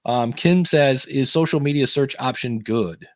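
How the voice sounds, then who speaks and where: A man's voice: mid-range voice, a little slow, darkish tone, dry recording, studio quality. A man co-hosting a live podcast in casual chat, rambling and joking as he reads out viewer questions. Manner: rambling, jokey, self-interrupting. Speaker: podcast co-host.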